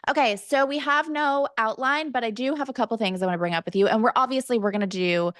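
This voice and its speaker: A woman's voice: on the high side, quick pace, no echo, clean studio sound. A woman podcast co-host in casual chat, oversharing and telling stories with lots of energy. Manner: chatty, oversharing, animated storyteller.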